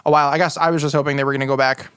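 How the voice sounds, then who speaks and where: Casting: male game master, slightly high voice, dry close mic, rambling casual chat. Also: smooth, dry recording. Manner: rambling, hesitant, fast when excited. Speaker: dungeon master.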